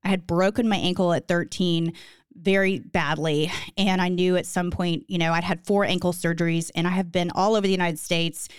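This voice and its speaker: Chatty woman in her fifties, smooth voice. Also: fairly low pitch, steady tone, a little fast, no room sound, studio quality. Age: 50s. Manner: candid, chatty, laughs often. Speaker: podcast guest. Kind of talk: casual chat.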